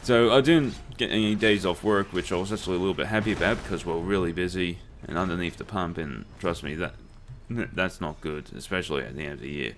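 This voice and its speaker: A man's voice: sits low, a little fast, hardly any pauses, a bit bright, a little hiss or hum. Young man spinning yarns. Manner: swears freely, laughs through his stories. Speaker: let's play host. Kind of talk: casual storytelling over gameplay.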